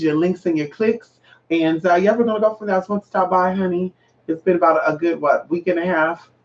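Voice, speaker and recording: Sassy high-voiced man, distant lo-fi sound. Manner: sassy, expressive, swears freely, swings loud with exclamations. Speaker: spiritual reader and vlogger. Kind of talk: casual chat to viewers.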